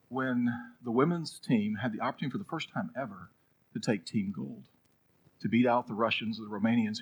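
A man preaching a sermon as pastor, telling a story, then swinging between loud urging and a hushed, prayerful hush. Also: medium pitch, husky, highs cut off.

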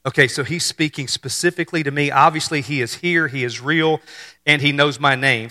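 A man's voice: on the high side, brisk, sharp tone. A man, preaching a sermon in a conversational way and joking with the congregation. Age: 50s. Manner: conversational, repeats words on restarts, jokes with the congregation. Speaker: pastor.

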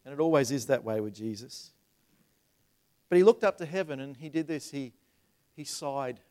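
A man's voice: mid-range voice, clean tone. A man in his thirties preaching a sermon to a congregation, talking in a conversational way that rises into emphatic passages. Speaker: pastor. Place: church sanctuary.

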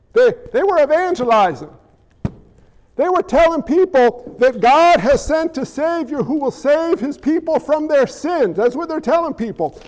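A man's voice: very high-pitched, darkish tone. A male pastor preaching a sermon with impassioned, emphatic delivery that often rises and gets worked up.

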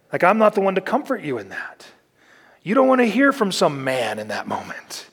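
A man's voice: fairly high pitch, sing-song, fairly quick, a bit bright, husky. A man, a pastor, giving a conversational sermon, telling personal stories candidly and with self-deprecating humor.

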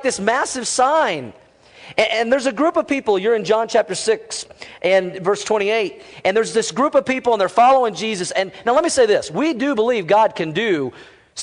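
High-voiced pastor preaching in a hall. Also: male voice. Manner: lively storytelling, calls on congregation to respond. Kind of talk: sermon with humorous story. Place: large auditorium with long reverb. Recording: reverberant hall sound.

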